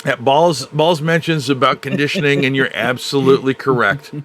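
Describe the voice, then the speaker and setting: A man hosting a podcast, chatting casually in a halting way with frequent "uh" pauses. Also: medium pitch, steady tone, a bit bright. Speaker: podcast host. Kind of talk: casual chat.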